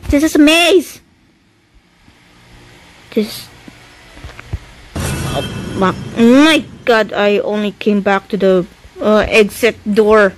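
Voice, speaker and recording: A woman's voice: medium pitch, slow pace, long pauses, a little hiss or hum, rough recording. A woman commentating her own horror game playthrough, talking to herself, easily startled and swearing often, scared with shaking hands. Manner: jumpy, swears a lot, talks to herself. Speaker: gaming YouTuber.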